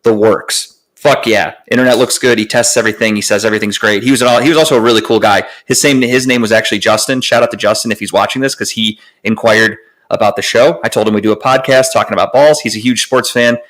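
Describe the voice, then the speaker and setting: A young man co-hosting a podcast, telling a long story in casual chat, animated and profane, with lots of fillers. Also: on the low side, fast talker, few pauses. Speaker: podcast co-host.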